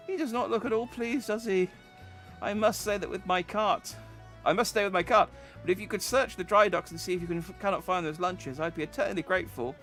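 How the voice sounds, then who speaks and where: A man's voice: sits high, a bit bright, pitched above the performer's own voice. A man voicing a fretful little female lunch cook who fusses and dithers in a breathless, worried way. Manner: fluttery, fussing, breathless worry.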